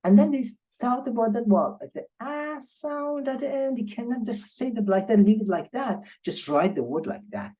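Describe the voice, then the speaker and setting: A woman language tutor giving an online lecture, explaining patiently and slowly repeating example words for learners. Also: on the high side, animated, dark tone, poor audio.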